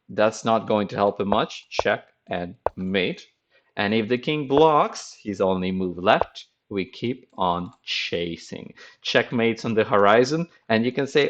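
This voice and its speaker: A man commenting on a chess game as a teacher, with a playful, dramatic storytelling manner, on a dull lo-fi recording. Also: fairly low pitch.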